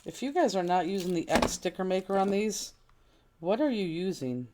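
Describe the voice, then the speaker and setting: A woman's voice: mid-range voice, lively intonation, moderate pace, very noisy. A woman teaching a live online crafting class in casual, chatty talk, exclaiming and fretting as she looks for things, sometimes moving away from the mic. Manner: chatty, exclaiming, fretful while searching.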